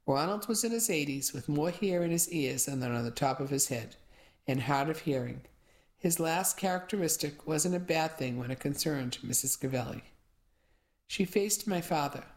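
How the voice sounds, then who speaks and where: A woman's voice: sits low, lively intonation, normal speed, darkish tone. A woman giving first-person audiobook narration with wry, dry asides.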